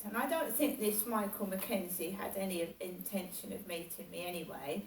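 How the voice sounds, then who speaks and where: A woman telling a personal story in a rambling, halting way, full of fillers and restarts. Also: medium pitch, a little hiss or hum. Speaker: vlogger. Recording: roomy sound from a distance.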